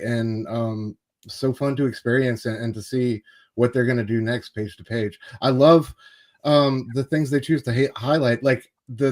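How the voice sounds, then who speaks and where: Enthusiastic mid-voiced man on a panel. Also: mid-range voice. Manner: enthusiastic, laughs often, fillers. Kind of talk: casual panel chat.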